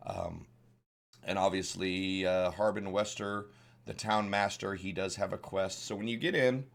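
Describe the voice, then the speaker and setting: Older southern guy explaining game mastering, kinda low voice, rambly and folksy. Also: a bit bright. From Southern United States. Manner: rambling, folksy, frequent restarts and fillers. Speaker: dungeon master tutorial host. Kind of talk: casual instructional talk.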